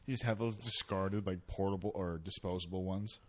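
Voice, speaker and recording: Joking low-voiced podcast host. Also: male voice, a little fast. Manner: animated, joking, swears casually. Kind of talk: casual chat.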